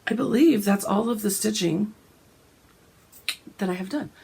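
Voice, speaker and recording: A woman, hoarse and gravelly from a cold, chatting casually about her cross-stitch plans and often clearing her throat. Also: a little slow, a little mellow. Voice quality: gravelly, deep. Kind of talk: casual chat.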